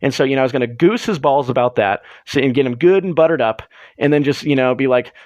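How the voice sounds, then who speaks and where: A man hosting a casual live stream, rambling and sarcastic, and excitable as he reads the chat aloud. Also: mid-range voice, fast, no echo. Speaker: livestream host.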